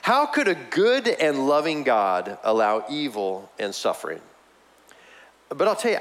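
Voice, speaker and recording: Animated man preaching a sermon. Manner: animated, swinging between high emphatic lines and low quiet ones; conversational, with asides and chuckles. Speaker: pastor.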